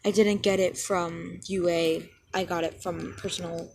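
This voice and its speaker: A woman voicing a polite, calm teenage boy hero, gentle and matter-of-fact, close to her own voice. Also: on the low side, unhurried, vocal fry, a little hiss or hum. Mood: casual.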